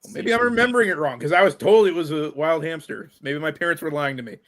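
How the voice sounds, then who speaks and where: A man's voice: a little high, fast, fairly bright tone. A man chatting casually on a live book show, recalling a childhood memory and insisting he is right. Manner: insistent, laughs while defending his story. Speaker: co-host. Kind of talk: casual chat.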